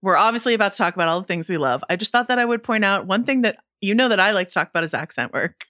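A woman's voice: medium pitch, animated, very fast, sharp tone. A woman co-hosting a movie podcast in a playful, teasing way, often laughing as she talks. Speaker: podcast co-host. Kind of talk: casual podcast chat.

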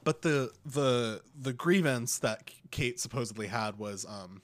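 A man's voice: mid-range voice, unhurried, hardly any pauses. A young man co-hosting a podcast in casual chat, rambling with lots of filler words. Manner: rambling, heavy use of "like". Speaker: podcast co-host.

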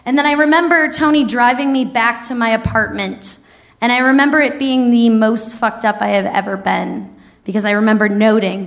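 A woman in her thirties telling a wild personal story on stage, lively and laughing as she goes. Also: a little high, moderate pace. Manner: lively, animated, breaks into laughter. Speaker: comedic storyteller. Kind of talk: stand-up storytelling.

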